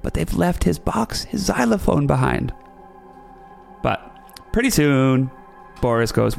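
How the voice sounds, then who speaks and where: A man's voice: mid-range voice, normal speed, gravelly, darkish tone, soft background music. A man hosting a comedy podcast, telling a rambling story in a playful way and correcting himself as he goes. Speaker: podcast host. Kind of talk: comic storytelling.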